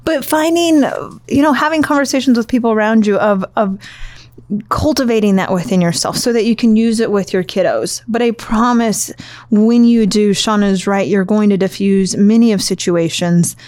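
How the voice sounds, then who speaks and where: A woman's voice: mid-range voice, normal speed, darkish tone. A woman with a mid-range voice co-hosts a casual podcast and explains ideas in an encouraging, reassuring way. Her voice is recorded dry and close, with no room echo. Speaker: co-host.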